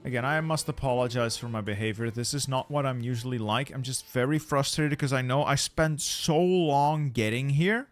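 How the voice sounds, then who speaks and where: A man's voice: mid-range voice, normal speed, few pauses, faint music behind. A man commentating his strategy game play, exasperated and swearing as he rants about losing. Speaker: gaming channel host.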